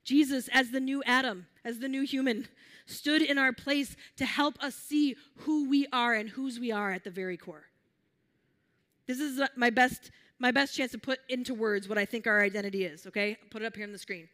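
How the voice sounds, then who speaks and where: A woman preaching a sermon in an earnest, gentle, conversational way, often restarting her phrases and leading listeners through a guided imagination exercise. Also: a little high, normal speed.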